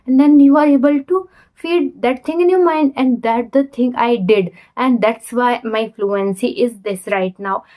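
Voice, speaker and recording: A woman's voice: a little high, mellow, low-quality recording. A young woman with an Indian accent, a Hindi speaker, talking to her phone camera in learner English, earnest and restarting her sentences often. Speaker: vlogger. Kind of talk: casual talk to camera.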